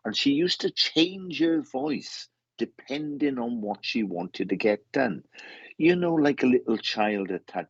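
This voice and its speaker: A man giving a mediumship reading, halting and repeating his words, calling the sitter mate. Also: mid-range voice, animated, husky, no room sound. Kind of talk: casual spoken reading. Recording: dull lo-fi sound.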